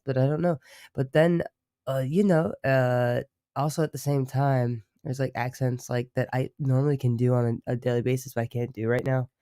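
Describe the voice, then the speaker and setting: A man's voice: mid-range voice, moderate pace, warm tone, no echo, clean studio sound. A young man from Baltimore chatting casually on a livestream, rambling and swearing with lots of fillers. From Baltimore, United States.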